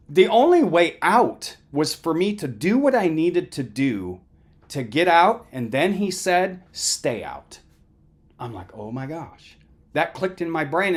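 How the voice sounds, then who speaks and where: A middle-aged man giving an earnest, conversational motivational lecture on recovery, often checking in with listeners. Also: fairly high pitch. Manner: earnest, conversational, addresses listeners directly with "right?".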